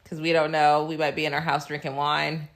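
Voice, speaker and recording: A woman's voice: deep voice, flat delivery, brisk. A young woman co-hosting a podcast, talking frankly and profanely and laughing often. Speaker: podcast co-host. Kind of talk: casual chat.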